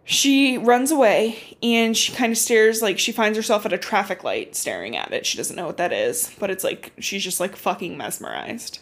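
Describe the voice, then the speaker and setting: A young woman co-hosting a podcast, casually recapping a book as an animated storyteller who swears and uses lots of fillers. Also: mid-range voice, moderate pace, hardly any pauses. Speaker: podcast co-host.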